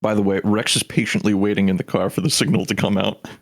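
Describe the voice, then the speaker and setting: Male player, deep voice, matter-of-fact, dry humor. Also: fairly even intonation, fast talker. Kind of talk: tabletop game narration as a player.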